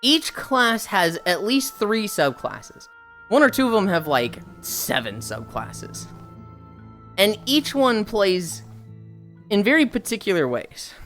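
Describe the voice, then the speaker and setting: A young woman streaming who tells stories to her viewers in an animated, profane rush. Her pitch sits in a middle range but leaps around with lively expression, and faint music plays underneath. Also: takes it slowly. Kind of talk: casual chat with viewers.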